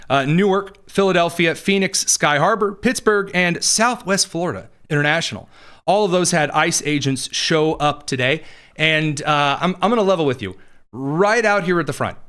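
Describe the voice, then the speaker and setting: A man's voice: a little high, a bit bright. A male podcast host delivering political news commentary in a sarcastic, conversational, digressive way.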